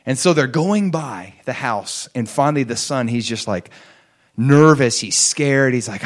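A man preaching, telling a story and acting out the characters' words, swinging between hushed lines and raised, pleading ones. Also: mid-range voice, expressive, moderate pace. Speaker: pastor. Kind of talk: sermon storytelling.

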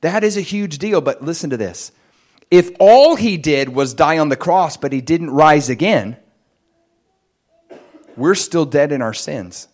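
A man preaches a sermon and weaves in his personal story. He tells it with animation, and his voice leaps up high and loud at the excited parts. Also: a little slow, pauses often. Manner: animated storytelling, jumps much higher and louder in excited moments.

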